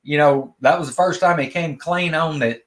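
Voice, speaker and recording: A man's voice: a little high, moderate pace, a bit bright. Drawling man telling a story. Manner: drawling, repeats words, plainspoken. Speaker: guest storyteller. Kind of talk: casual spoken storytelling.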